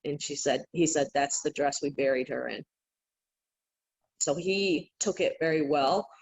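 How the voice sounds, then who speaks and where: A woman guest on a podcast, telling stories in an animated, casual way and laughing often. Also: low voice, measured pace, slightly rough. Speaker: podcast guest, psychic healer. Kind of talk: casual interview storytelling. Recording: dull lo-fi remote audio.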